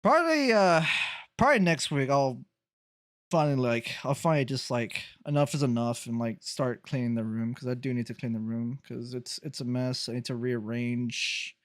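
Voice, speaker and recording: A man's voice: medium pitch, fairly bright tone, no room sound, clean studio sound. A man chatting casually on a live game stream, teasing viewers, laughing often and swearing freely.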